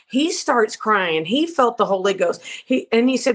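A woman's voice: on the high side, animated, measured pace, husky. Fervent woman telling her testimony. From Georgia, USA. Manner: fervent, preacherly storytelling. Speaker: ministry co-founder, guest. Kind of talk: interview testimony.

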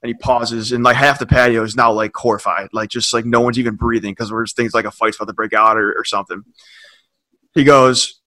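A man telling a long, animated story in a casual podcast chat, leaning heavily on filler words. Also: mid-range voice, brisk, low-quality recording.

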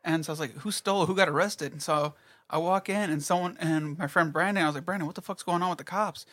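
Young man, casual chat, animated storytelling, heavy swearing, fast, bright. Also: on the high side. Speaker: storyteller among friends.

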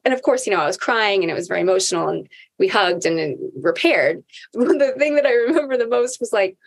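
A woman's voice: medium pitch, expressive, a little fast, slightly rough. A woman hosting a podcast, speaking candidly and earnestly about personal experience in a casual conversation.

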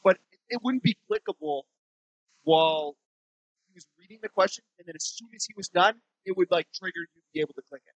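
A man's voice: sits high, lively intonation, fast talker, gravelly, low-quality recording. A man co-hosting a podcast in a temporary studio, chatting casually, joking, laughing often and swearing freely. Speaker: podcast co-host. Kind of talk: casual chat.

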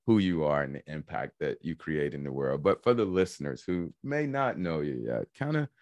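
A man's voice: very deep voice, big pitch swings, normal speed, darkish tone, no room sound. A man hosting a podcast interview, upbeat and enthusiastic, teasing his guest. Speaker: podcast host.

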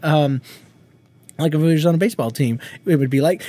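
A man's voice: on the high side, brisk, dark tone. A man, co-hosting a casual podcast and telling stories, acting out quotes and laughing often. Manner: laughing storyteller who acts out quotes and sings nonsense beats. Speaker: podcast co-host. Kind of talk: casual chat.

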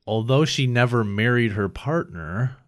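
A man's voice: medium pitch, animated, unhurried, no echo, studio quality. A man in his thirties co-hosting a podcast, reading facts aloud in casual chat, stumbling over foreign names and swearing freely. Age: 30s. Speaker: podcast co-host.

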